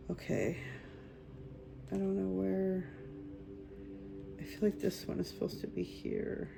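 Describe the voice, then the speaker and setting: A woman's voice: low-pitched, warm tone, slight background noise. A woman doing a group card reading as a spiritual medium, talking casually and rambling with many fillers and restarts.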